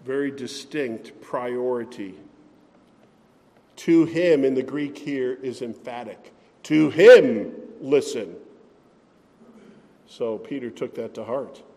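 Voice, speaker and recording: A man preaching a sermon as pastor, speaking slowly and deliberately and giving scripture readings extra weight. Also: medium pitch, dark tone, big-room sound.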